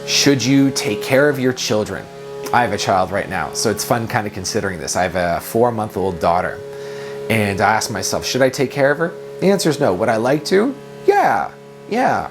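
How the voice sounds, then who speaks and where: A man in his thirties, a productivity coach, giving a reflective self-help talk full of questions and repeated phrases. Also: fairly low pitch.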